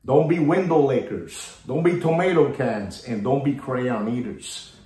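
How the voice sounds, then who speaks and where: A man ranting theatrically about the watch market, repeating himself and swinging between loud bursts and low mutters. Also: unhurried. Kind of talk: hyped market rant to camera. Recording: roomy echo.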